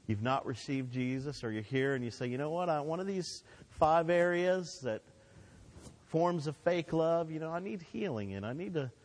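A man's voice: on the high side, normal speed, darkish tone. Man preaching in a reverberant church. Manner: emphatic preaching with swelling and dropping delivery, leads call-and-response. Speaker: pastor. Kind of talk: sermon. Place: church sanctuary. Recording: long hall reverb.

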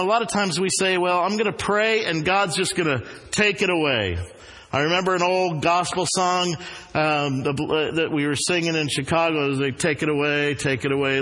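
A man's voice: a little high, fairly bright tone. A man preaching a sermon as pastor, with an earnest, repeating cadence, in a church. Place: church sanctuary. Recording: long reverb of a hall.

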